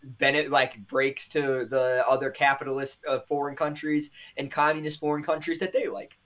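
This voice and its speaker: A man's voice: medium pitch, level tone, normal speed, fairly bright tone. A young man co-hosting a podcast, chatting casually in a rambling, opinionated way and swearing often. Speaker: podcast co-host. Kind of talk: casual chat.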